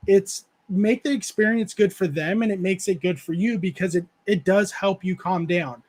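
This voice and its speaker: High-voiced man rambling through a chat show. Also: normal speed, darkish tone. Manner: rambling storyteller, laughs often, many fillers. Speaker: show host reading chat. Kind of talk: casual livestream chat.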